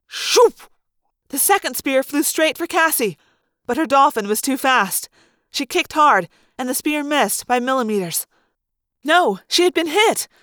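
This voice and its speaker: A woman narrating a first-person novel aloud for a fan-made audiobook, in a lively, dramatic storytelling manner. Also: sits high, dry recording, clean studio sound. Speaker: audiobook reader.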